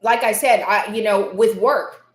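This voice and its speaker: A woman's voice: mid-range voice, measured pace, roomy sound. A woman hosting a motivational live stream, talking emphatically, repeating her key lines and answering viewers by name. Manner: emphatic, repeats key phrases, reads chat names aloud.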